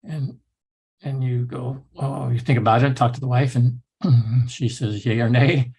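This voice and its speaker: A man's voice: mid-range voice, steady tone, unhurried, dark tone, husky. A man instructor giving a recorded lecture in a loose, rambling way with many restarts.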